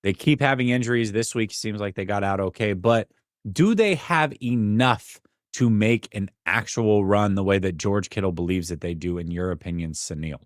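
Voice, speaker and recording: A man hosting a sports talk podcast in a polished radio-host voice, upbeat and smooth as he leads the conversation. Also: on the low side, moderate pace, dry recording, studio quality.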